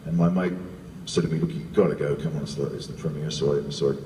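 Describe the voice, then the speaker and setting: A very deep-voiced man tells an animated, laughing story as a guest on a convention panel. He sounds distant from the mic in a big echoing hall, with long reverb trailing his words. A faint hiss sits underneath. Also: fast talker. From New Zealand.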